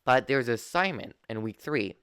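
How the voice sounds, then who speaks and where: A young man telling a personal story in a halting, earnest way, full of restarts and fillers. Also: mid-range voice, animated, a bit bright, clean tone, no room sound, clean studio sound. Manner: earnest and open. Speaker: vlogger.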